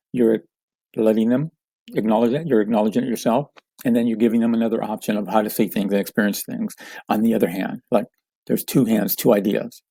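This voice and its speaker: A man teaching a communication lesson, calmly explaining with example phrases. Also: lowish voice, gravelly, breathy edge, no echo. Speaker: communication coach.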